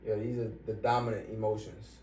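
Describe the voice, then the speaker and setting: A man giving a motivational money-mindset talk as an online business coach, swearing freely and punching key points louder. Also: fairly low pitch, little pitch movement, fairly quick, a little hiss or hum. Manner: profane, emphatic, bursts louder on key points. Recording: roomy, from some distance.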